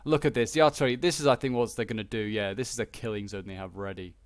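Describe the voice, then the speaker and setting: A man's voice: on the low side, fairly even intonation, quick pace, no room sound. A man casually commenting on a strategy game battle, rambling with lots of fillers. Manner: chatty and rambling, many fillers like "like" and "uh". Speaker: gameplay commentator.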